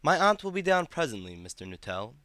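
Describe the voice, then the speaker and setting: A man's voice: fairly high pitch, very animated, brisk, bright, forceful tone, no echo, pitched above the performer's own voice. A man voicing a self-possessed fifteen-year-old girl in a storybook reading, speaking in a composed, politely precise way. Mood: poised.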